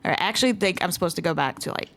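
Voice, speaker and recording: Lively, chatty young woman gaming streamer. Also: fairly low pitch, racing. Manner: chatty, swearing, laughing asides. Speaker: game streamer. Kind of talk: casual let's-play commentary.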